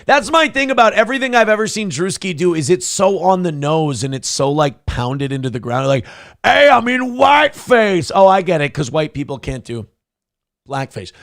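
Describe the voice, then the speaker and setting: A man's voice: a little high, moderate pace, no room sound, studio quality. A man hosting a morning talk show, riffing in a profane, sarcastic, rambling way. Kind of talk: casual comedic commentary.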